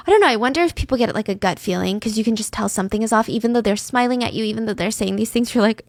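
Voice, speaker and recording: A woman's voice: mid-range voice, fast talker, few pauses, no echo. Give me a woman chatting through a crime story with lots of asides, recorded dry and close. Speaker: podcast host. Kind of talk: casual true-crime storytelling.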